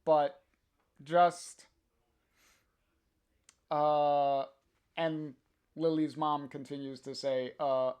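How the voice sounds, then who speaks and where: A man casually reading a comic aloud on a livestream, halting with many fillers and chuckling to chat. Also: fairly high pitch, flat delivery, darkish tone, clear, resonant tone.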